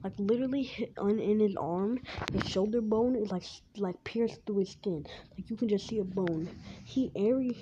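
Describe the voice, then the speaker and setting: A woman's voice: mid-range voice, moderate pace, few pauses. Rambling woman on a muffled lo-fi mic. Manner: rambling, full of "like" and restarts. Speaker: storyteller. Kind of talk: rambling casual storytelling. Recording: dull lo-fi with faint hiss.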